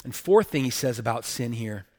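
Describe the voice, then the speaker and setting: A man's voice: mid-range voice, animated, moderate pace, dark tone, big-room sound. Emphatic male pastor preaching a sermon. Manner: emphatic, with rhetorical questions and tag "right?".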